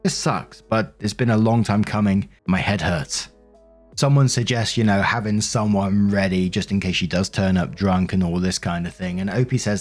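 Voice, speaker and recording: A man narrating online forum stories in a steady, even reading voice. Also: on the low side, moderate pace, faint music behind. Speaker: story narrator.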